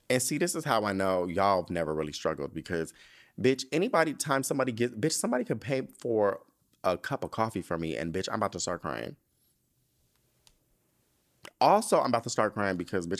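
A man's voice: low voice, creaky. A young man hosting a podcast, reading news headlines aloud and riffing on them in a sassy, campy way. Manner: sassy, campy, reads headlines then riffs with side comments. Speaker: podcast host. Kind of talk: casual solo commentary on celebrity news.

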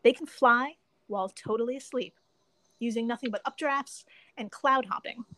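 A woman hosting a casual podcast, who laughs often, swears freely and tells facts with animated enthusiasm. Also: a little high, moderate pace, dry recording. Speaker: podcast host.

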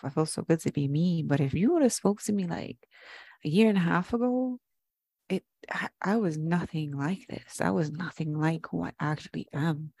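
A young woman co-hosts a podcast, talking casually and expressively with loose, unfiltered swearing. Her low, dark voice carries a gravelly fry. The room sounds close and dry, with no room sound.

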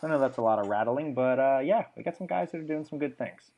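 Warm, expressive and quick, this medium-pitched male voice belongs to a young sports podcast host who chats casually and excitedly reels off statistics full of filler words. The recording sounds dull.

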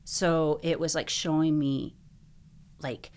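A young woman, a guest in an interview, telling her own story earnestly, full of "like"s and quick bursts. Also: low-pitched, steady tone, darkish tone.

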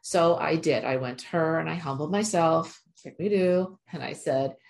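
Low-voiced woman, animal communicator type, chatty and emphatic, rambling story. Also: normal speed, creaky, darkish tone. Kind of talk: casual storytelling monologue.

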